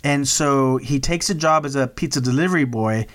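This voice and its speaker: A man's voice: medium pitch, normal speed, a bit bright. Man, podcast co-host, casual banter, teasing, rambling storyteller.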